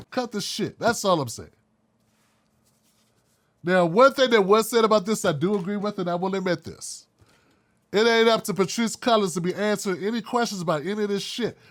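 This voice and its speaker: A man's voice: sits high, animated, a little fast. A man hosting an opinion commentary show, blunt and fired up, swearing freely. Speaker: host.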